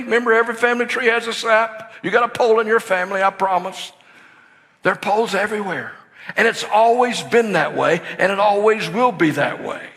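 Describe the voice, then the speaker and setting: An older man preaching a sermon, telling stories that swing from hushed to excited shouting. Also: high-pitched, creaky. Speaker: pastor. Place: church sanctuary. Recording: long hall reverb in a church.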